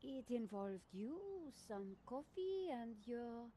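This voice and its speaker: An actress playing a brisk, curious young journalist in a video game, asking probing questions. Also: female voice, a little high, very animated, dark tone.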